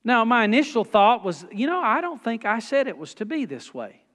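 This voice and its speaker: A high-voiced man in his forties preaches with folksy storytelling. He swings between soft, low asides and loud, rising peaks. His voice rings with the long reverb of a church hall. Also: sing-song, normal speed. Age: 40s. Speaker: pastor. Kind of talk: sermon with storytelling.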